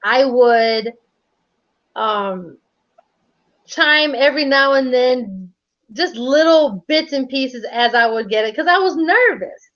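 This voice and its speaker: Female live-stream co-host, high voice, casual storyteller, dull lo-fi sound. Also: slow pace, long pauses. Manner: animated storytelling, laughs often, casual slang.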